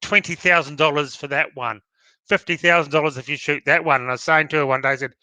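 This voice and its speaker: An Australian man co-hosting a podcast chats bluntly and airs strong opinions. His voice is very bright and sharp, and sits slightly high. The sound is dry and close. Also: fairly even intonation, quick pace, no echo. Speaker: podcast co-host. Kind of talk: casual chat.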